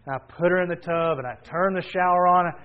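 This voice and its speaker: A man preaching a sermon, telling a family story with animated energy and sudden bursts of shouting. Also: high voice, fast talker, clear, resonant tone. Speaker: pastor. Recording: dull lo-fi sound.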